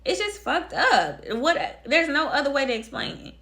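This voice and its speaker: A young woman recounts a personal story straight to camera. Her voice is bright and forceful, with a blunt, emphatic delivery that repeats phrases to drive each point home and keeps turning to speak right at her viewers. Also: sits high, big pitch swings, moderate pace. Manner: addresses viewers directly. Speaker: storytime vlogger.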